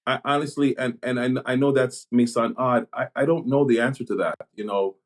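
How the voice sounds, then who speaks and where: A Jamaica-born man, a pastor and police chaplain, talking things through in a podcast conversation, pausing and restarting his sentences as he thinks. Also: medium pitch. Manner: reflective, halting, many restarts.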